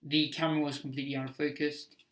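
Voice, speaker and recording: A man's voice: fairly high pitch, flat delivery, quick pace, fairly bright tone. A man giving casual commentary on his own homemade film, hesitant and self-critical, with many restarts.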